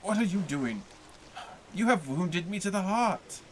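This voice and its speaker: A man reading aloud, voicing a frail, gentle elderly father who speaks softly and modestly. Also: sits high, lively intonation, unhurried, a little hiss or hum, voice pushed up, poor audio. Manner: soft, modest, faltering.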